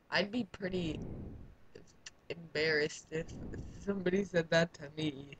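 A man's voice: on the high side, a little slow, pauses often, fairly bright tone, slight background noise, low-quality recording. A man co-hosting a let's play, chatting casually and laughing often as he comments on the game. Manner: giggly, rambling, jokey.

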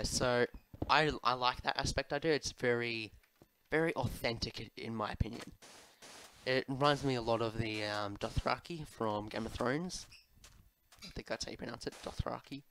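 A man's voice: mid-range voice, normal speed, pauses often, a bit bright, a little hiss or hum. A man giving casual gameplay commentary, answering viewer questions in a rambling, chatty way with lots of fillers and asides to his pet, at a desk microphone at home. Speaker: Minecraft YouTuber.

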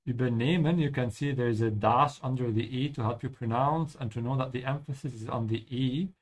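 A man hosting a live-streamed lesson, explaining German pronunciation slowly and switching between English and German. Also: medium pitch. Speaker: language teacher and stream host.

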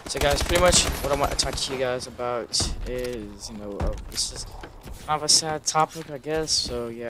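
A young gaming YouTuber with a medium-pitched voice rambles casually at a moderate pace over gameplay, with heavy background noise from video game gunfire. His tone is subdued, full of fillers and heavy swearing.

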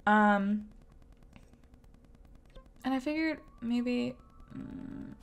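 A woman's voice: fairly high pitch, slow pace, pauses often. A woman casually talking to herself and swearing as she plays a game on a live stream. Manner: chatty, swearing, talks to herself. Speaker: streamer playing a video game.

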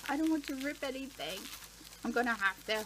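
A woman vlogging at home, gushing with excited exclamations as she unboxes a package on camera. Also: sits high, brisk, noisy background. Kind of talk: casual unboxing vlog.

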